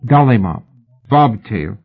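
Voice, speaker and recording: A man voicing a sharp-tongued young Victorian woman in a raised, pert voice. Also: medium pitch, lively intonation, takes it slowly, slightly rough, exaggerated voice. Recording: phone-like narrow band.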